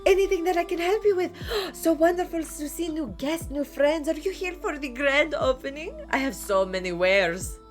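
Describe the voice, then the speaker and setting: A woman voicing a cheerful, flustered female cat-folk shopkeeper who gushes over her guests in a high, bright voice. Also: soft background music. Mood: gushing. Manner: gushing, fast, high and excited.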